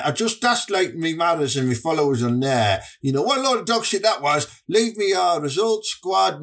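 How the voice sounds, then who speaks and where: A man with a Teesside accent hosts a comic podcast, rambling and swearing as he rants. His voice sits on the high side and swings up and down a lot, with plenty of fillers and asides. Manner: rambling, sweary, lots of fillers and "you know what I mean". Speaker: podcast host.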